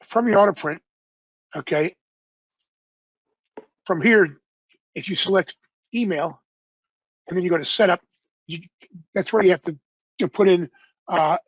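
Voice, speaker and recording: Male presenter, informal webinar demo, fairly high raspy voice, muffled lo-fi call sound. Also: no echo. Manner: informal, apologetic, loosely unscripted. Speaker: software presenter. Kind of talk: live software demo webinar.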